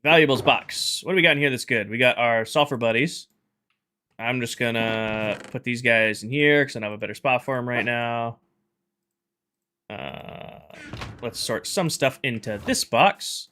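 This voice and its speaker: Male live streamer, casual thinking-aloud chatter, crisp bright tone, medium pitch. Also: moderate pace, a little hiss or hum. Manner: chatty, thinks aloud and greets chat viewers. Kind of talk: casual live-stream chat while gaming.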